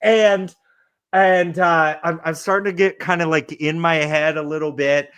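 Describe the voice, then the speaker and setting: A podcast host in his forties from California tells a comic story in a somewhat high, smooth voice at a slightly slow pace, with no room sound. He's animated and profane, cursing freely and acting out quotes.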